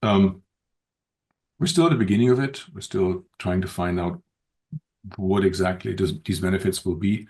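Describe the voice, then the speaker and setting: A man speaking as a podcast guest in an unscripted conversation, thoughtful and measured, with frequent pauses and restarts. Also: low-pitched, a little mellow. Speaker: podcast guest, open-source community director.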